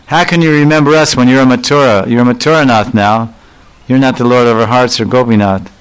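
A heartsick young village milkmaid pours out her longing, pitched higher and pleading, as a male preacher acts her out. The voice stays smooth and clear while she swings between humble begging and sharp reproach. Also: steady tone, a little fast, natural voice, low-quality recording. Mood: reproachful.

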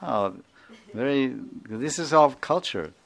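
A man's voice: medium pitch, expressive, slow pace, gravelly. A man with an Indian accent, a spiritual teacher giving an informal class, rambling, chuckling and often asking his listeners to confirm.

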